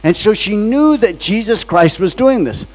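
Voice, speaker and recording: High-voiced man preaching a story. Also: lively intonation, moderate pace, a little mellow, poor audio. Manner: dramatic, acts out quoted voices. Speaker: guest preacher. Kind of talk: storytelling sermon. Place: church sanctuary.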